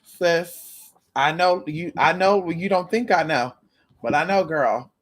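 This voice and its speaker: Speaking slowly in a low voice, a woman with a slight lisp hosts sassy, casual reaction commentary, facing the viewer directly. She's animated throughout and drags out "girl."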